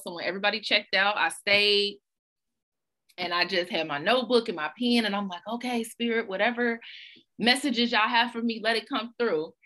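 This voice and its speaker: A woman hosting a podcast, telling a personal story in a casual, animated, slangy way and laughing along. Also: mid-range voice. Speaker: podcast host.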